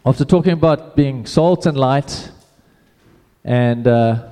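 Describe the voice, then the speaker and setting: Male pastor, relaxed and chatty delivery, mellow tone, church hall echo. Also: medium pitch, takes it slowly. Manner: casual, conversational preaching with repeated restarts. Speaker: preacher. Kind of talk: sermon.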